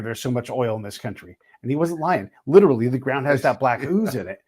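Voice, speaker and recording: Husky-voiced man hosting a podcast. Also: mid-range voice, animated, fairly quick, few pauses, a little mellow. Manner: blunt, swears, acts out quoted people. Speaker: podcast host. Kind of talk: casual podcast conversation.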